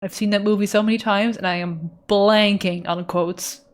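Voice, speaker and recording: While sketching on a live stream, a young woman talks casually in a rambling, self-deprecating way, laughing at herself a lot. She speaks at a medium pitch with a steady tone and normal pace.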